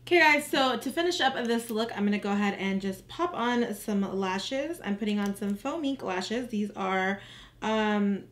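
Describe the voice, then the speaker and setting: A woman's voice: mid-range voice, normal speed, slight background noise. A young woman chatting casually to her viewers as she walks through a makeup tutorial. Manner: chatty, relaxed, addresses viewers as "you guys". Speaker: beauty vlogger.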